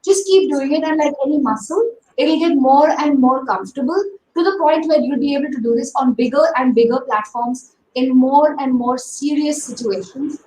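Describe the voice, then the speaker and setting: A woman giving an animated webinar talk on speaking, over a video call. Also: high voice, echoey room, far from the mic, a little hiss or hum, rough recording. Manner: animated, demonstrates pace and tone with her own voice. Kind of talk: lively teaching talk.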